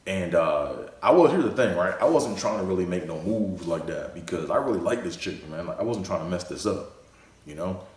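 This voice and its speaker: Deep-voiced young man, rambling story. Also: animated, a little fast, a little mellow. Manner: rambling, full of "you know" and "like". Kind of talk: casual storytelling. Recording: echoey room.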